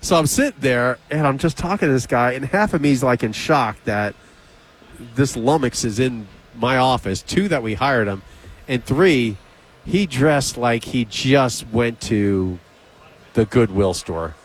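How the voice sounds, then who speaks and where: Male radio host, casual storyteller, animated delivery, plays out the dialogue himself. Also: medium pitch, a little slow. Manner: animated, acts out both sides of conversations. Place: radio studio.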